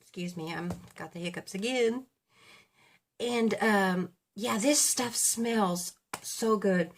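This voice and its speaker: A woman's voice: mid-range voice, takes it slowly, vocal fry. A woman in her fifties chatting casually as a beauty vlogger, rambling and correcting herself as she goes while getting ready at home. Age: 50s. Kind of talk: casual chat.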